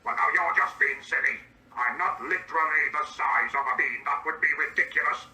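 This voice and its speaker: A man's voice: fairly high pitch, a little fast, pushed and bright. Mister Bean, as a synthetic male voice reading his stage cues. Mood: indignant. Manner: reads out his own stage directions before speaking; synthetic, evenly paced delivery. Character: indignant, easily baffled grown man. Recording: echoey and distant, faint background hiss.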